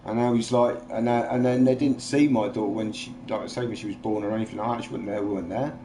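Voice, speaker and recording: A man's voice: on the low side, steady tone, fast, background noise. A man in casual chat, rambling and agitated, swearing freely as he vents. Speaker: livestream host.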